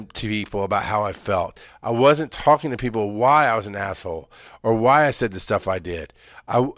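A middle-aged man in EMS talking candidly to peers, blunt and earnest, swinging from loud emphasis to quiet asides. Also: medium pitch, no echo, studio quality. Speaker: EMS worker speaking on mental health. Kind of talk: candid personal talk to peers.

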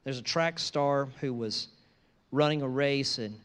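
A man preaching a sermon, moving from conversational asides to loud, emphatic repeated phrases. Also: mid-range voice, measured pace, clear, resonant tone. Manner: conversational asides between scripture lines. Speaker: pastor.

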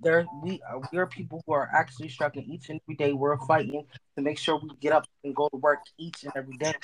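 A woman's voice: low voice, steady tone, fast, a little hiss or hum, rough recording. A woman guest on a podcast, talking in a casual, emphatic and slangy way.

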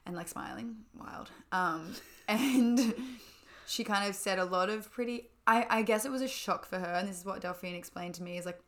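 A woman's voice: medium pitch, normal speed. A young woman chatting as a podcast co-host, telling a story with lots of fillers. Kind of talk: casual chat.

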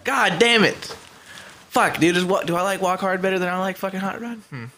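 A man in casual podcast chat, cursing often and rambling as he gets excited. His voice is bright and forceful and a touch high, with a faint hiss underneath. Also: brisk. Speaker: podcast co-host.

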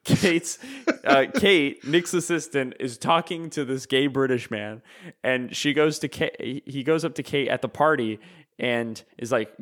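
A man's voice: mid-range voice, unhurried, a bit bright. A man co-hosting a podcast, rambling casually as he retells movie scenes with plenty of fillers. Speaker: podcast co-host. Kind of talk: casual chat.

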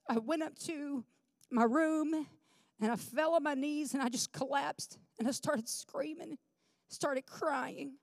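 High-voiced woman pastor, fervent, hall reverb. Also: unhurried, studio quality. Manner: fervent, emphatic praying, then earnest storytelling. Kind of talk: sermon with prayer and personal story. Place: church sanctuary. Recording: long reverb of a large hall.

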